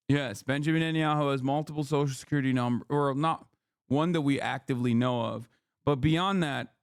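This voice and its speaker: A man's voice: mid-range voice, dry recording, studio quality. A man in his thirties ranting in casual livestream commentary, heated, profane and incredulous as he reads and answers chat. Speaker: political streamer.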